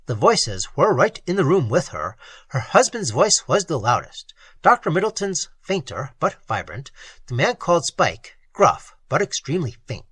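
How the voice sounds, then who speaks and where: Expressive storyteller with a husky voice. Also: mid-range voice, moderate pace, no room sound. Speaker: narrator. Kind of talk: scripted narration.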